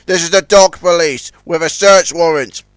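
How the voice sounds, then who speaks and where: A man's voice: on the high side, moderate pace, smooth, no room sound, close to an everyday voice. A man voicing a prankster tugboat who puts on a mock official tone.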